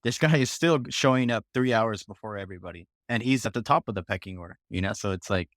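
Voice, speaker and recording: Male podcast co-host, low pitch, relaxed and agreeable, dry recording. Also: fast, dry recording. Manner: relaxed, agreeable, uses fillers like "you know" and "like". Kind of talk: casual podcast talk.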